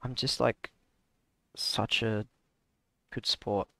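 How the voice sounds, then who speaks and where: Young Aussie streamer, gravelly, dry close sound, rambling jokey chat. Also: male voice, lowish voice, fairly even intonation, extremely slow, bright, forceful tone, dry recording. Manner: joking, rambling, self-mocking. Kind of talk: casual gaming stream chat.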